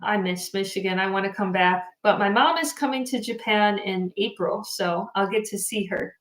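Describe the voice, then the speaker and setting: A woman's voice: medium pitch, moderate pace, a bit bright, reverberant. A tired woman hosting a casual livestream, chatting and reading out viewer comments. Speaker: livestream host. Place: home in Japan.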